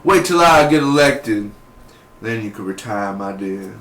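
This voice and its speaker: A man voicing a smug male politician who talks down to his wife in a slow, condescending way. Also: fairly low pitch, expressive, fairly bright tone. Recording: roomy echo.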